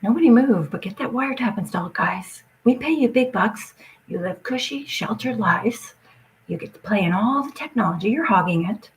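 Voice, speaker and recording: A woman's voice: medium pitch, animated, moderate pace, slight background noise, poor audio. A woman talking straight to her audience in an agitated, rambling rant, swearing often and jumping from point to point.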